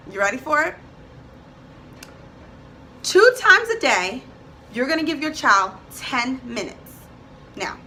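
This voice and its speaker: A woman's voice: on the high side, pushed and bright, slight background noise. A woman giving a motivational talk to parents, emphatic and direct, repeating her key points.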